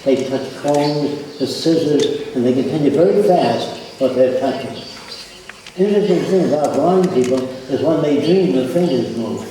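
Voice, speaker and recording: An older man lectures in a plain, storytelling way, slipping into quick acted-out dialogues. His voice is dark and mellow, and it comes from well back from the mic. A heavy, long echo fills the hall around him. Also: on the high side, expressive, a little hiss or hum. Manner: plainspoken, anecdotal, acts out little dialogues. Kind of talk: public lecture. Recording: distant, echoey hall recording.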